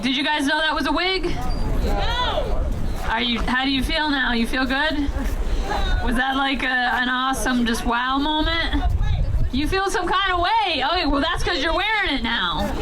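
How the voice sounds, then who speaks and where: Energetic woman emcee over loud crowd. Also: high-pitched. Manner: energetic, laughing, teasing the audience. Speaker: show host, emcee. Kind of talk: hyping the crowd between acts. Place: outdoor rooftop event. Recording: loud crowd and city noise outdoors.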